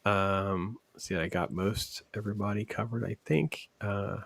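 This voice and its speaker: A man hosting a casual podcast film discussion, relaxed and rambling with fillers. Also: on the low side, unhurried, gravelly, no echo. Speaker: podcast host.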